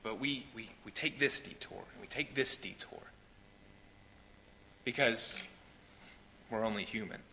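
A male pastor preaching with passion, his voice bright and ringing. He swings from loud pleading down to hushed, quiet lines. The sound carries a long hall reverb with a faint hiss underneath. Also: on the low side, a little slow, pauses often. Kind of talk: sermon. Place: church sanctuary.

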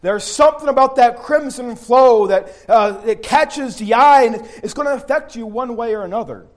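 A preacher with a noticeably high voice for a man delivers his sermon. He talks in a folksy, storytelling way, circling back to restart and repeat his phrases. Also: normal speed. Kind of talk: sermon with personal army story.

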